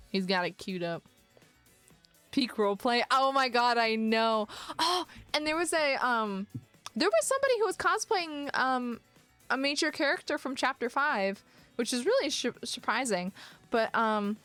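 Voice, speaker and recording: A young woman with a slightly high voice, chatting on a livestream. She tells stories animatedly, laughs often and swears freely, with soft music playing underneath. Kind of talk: casual chat.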